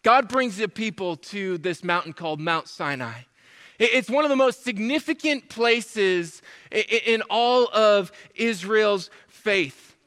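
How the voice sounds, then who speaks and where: High, bright-voiced preaching man. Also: a little slow, long reverb tail. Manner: animated, acts out the Israelites' complaints in a whiny voice. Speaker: pastor. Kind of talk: sermon.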